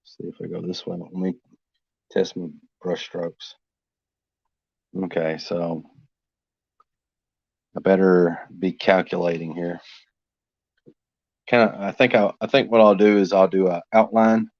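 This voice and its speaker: Laid-back guy with a low voice, chatting to himself while drawing on stream, dull dry audio. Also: level tone, measured pace, creaky, pauses often, no room sound. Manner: rambling, easygoing, talks to himself while working. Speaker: artist streaming a drawing session. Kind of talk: casual chat while drawing live.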